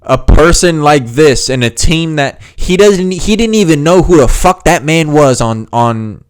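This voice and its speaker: A man's voice: a little high, lively intonation, a little slow, smooth, no echo. A man hosting a gaming video, giving a heated, sarcastic and profane reaction rant. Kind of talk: ranting reaction commentary.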